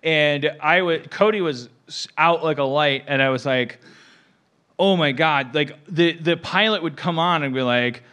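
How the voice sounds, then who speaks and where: A man in his forties hosting a podcast, rambling through casual comedic chat and breaking into loud, shouting impressions. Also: on the high side, unhurried. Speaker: podcast host.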